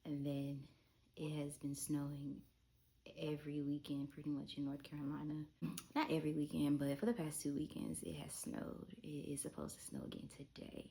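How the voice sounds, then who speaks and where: A young woman with a low voice talks straight to her camera, confiding and frank. She keeps it loose and personal and swears casually. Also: little pitch movement, normal speed, warm tone. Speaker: vlogger. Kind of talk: candid talk to camera.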